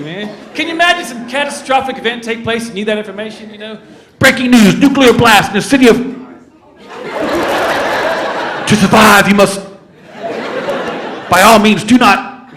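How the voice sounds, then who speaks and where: A man in his fifties doing stand-up crowd work, playing mock-grumpy and acting out quick voices. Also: a little high. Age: 50s. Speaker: stand-up comedian. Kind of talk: stand-up set to a live audience. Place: corporate event venue. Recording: roomy venue with audience noise. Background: audience laughing.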